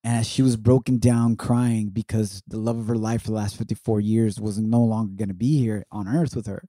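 Middle-aged male podcast co-host, warm dark tone, earnest and encouraging, dry close mic. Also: fairly low pitch, steady tone, brisk, dry recording. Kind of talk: heartfelt conversation with his wife.

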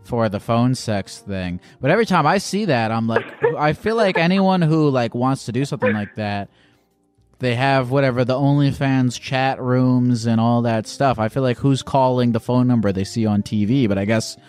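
Man asking curious, halting questions. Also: medium pitch, lively intonation, darkish tone, dry recording, faint music behind. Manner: curious, stumbling questions with restarts. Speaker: host. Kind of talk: casual interview chat.

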